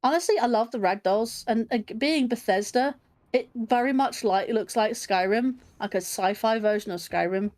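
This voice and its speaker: A woman's voice: fairly high pitch, moderate pace, a little mellow. A woman with a mix of London and standard Southern English accent, rambling and thinking aloud in casual chat during a game stream. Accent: London English mixed with standard Southern English. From England. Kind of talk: casual chat over gameplay.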